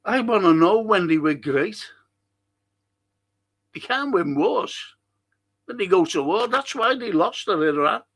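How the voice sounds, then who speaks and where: Here the Liverpool-accented host, a middle-aged English man, sounds high, expressive and a bit bright, speaking a little slowly with long pauses. On his live talk stream he reads out viewer comments in a rambling monologue, blunt, indignant and loaded with swearing.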